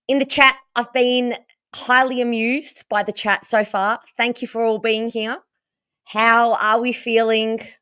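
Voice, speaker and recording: An Australian woman hosting a casual livestream, hoarse from losing her voice and chatting with viewers about the game. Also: on the high side, no room sound, clean studio sound. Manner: chatty and animated, reading out viewer comments. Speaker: livestream host.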